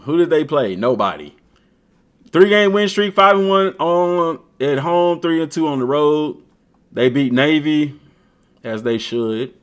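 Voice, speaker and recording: Animated man streaming a game. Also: a little high, unhurried, clear, resonant tone. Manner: animated, trash-talking, slangy. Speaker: gaming streamer. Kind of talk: casual chat while browsing a game.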